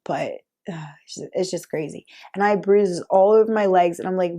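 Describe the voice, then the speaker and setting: A woman's voice: mid-range voice, fairly quick, warm tone. A young woman telling a personal story to camera in a casual, chatty way, full of "like" fillers and laughs. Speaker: vlogger.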